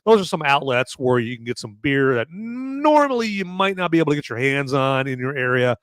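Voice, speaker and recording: A man's voice: medium pitch, very animated, brisk, fairly bright tone, clean tone, dry recording. A man with a sore throat hosting a casual live show, rambling and joking with lots of fillers and restarts. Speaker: podcast host reviewing beer. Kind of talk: casual live-stream chat.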